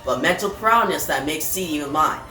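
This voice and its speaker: A comic narrator reading the lines of a boastful super-intelligent gorilla warlord in grandiose, flat delivery. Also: medium pitch, fairly quick. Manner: grandiose speech read flatly. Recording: roomy, distant mic with faint music.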